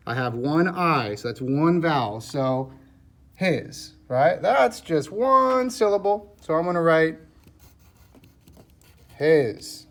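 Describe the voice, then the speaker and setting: A man's voice: fairly high pitch, a little mellow. A man teaching a recorded reading lesson to young students, speaking patiently and checking in often. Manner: slow, patient, checks in with frequent "okay?". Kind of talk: recorded classroom lesson, reading a storybook aloud.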